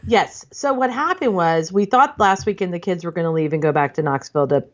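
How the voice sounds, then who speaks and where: Middle-aged lady co-hosting, rambly storyteller, lowish voice, kinda muffled lo-fi sound. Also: brisk, slight background noise. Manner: chatty storyteller, rambling with laughs and restarts. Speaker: podcast co-host. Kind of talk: casual chat.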